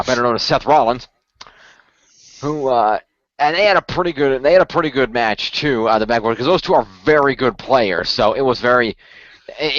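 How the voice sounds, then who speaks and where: A man's voice: medium pitch, a bit bright, no room sound. A man hosting a podcast in casual chat, rambling with lots of fillers and restarts. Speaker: podcast host. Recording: muffled lo-fi dry audio.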